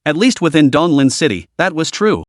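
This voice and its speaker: A man's voice: on the high side, very animated, fairly quick, no room sound, studio quality. A man narrating a story recap in a scripted, dramatic storytelling manner.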